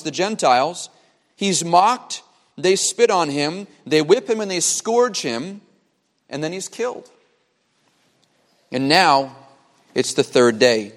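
Emphatic male preacher in a reverberant hall. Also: sits high. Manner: emphatic preaching with dramatic pauses and repeated phrases. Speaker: pastor. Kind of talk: sermon.

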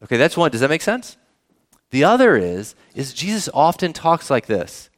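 A man's voice: fairly high pitch, very animated, normal speed. A man preaching a sermon in a conversational way, often asking the congregation questions. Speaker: pastor.

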